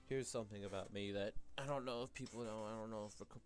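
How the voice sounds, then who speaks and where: A young man rambles through a solo podcast episode, trailing off and correcting himself as he goes. His voice sits fairly low, with faint music under it. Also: fairly even intonation, fast, hardly any pauses, a bit bright. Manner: rambling, self-correcting, full of "like" and restarts. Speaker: podcast host.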